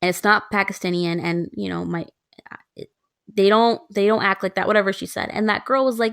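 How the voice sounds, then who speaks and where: A woman in her twenties, a podcast co-host, telling stories in casual chat, animated and laughing often. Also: medium pitch, a little fast, vocal fry, clean tone, dry recording, clean studio sound.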